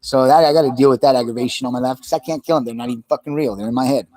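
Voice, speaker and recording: A man's voice: medium pitch, racing, a little mellow. A man talking straight to the camera in a rambling personal monologue, intense and heavy on profanity, with many restarts.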